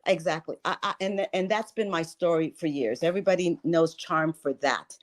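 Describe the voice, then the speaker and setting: A woman's voice: low-pitched, moderate pace. A woman in her sixties, a life and wealth coach, speaking earnestly as an interview guest and repeating phrases for stress. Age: 60s. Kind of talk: spiritual interview talk.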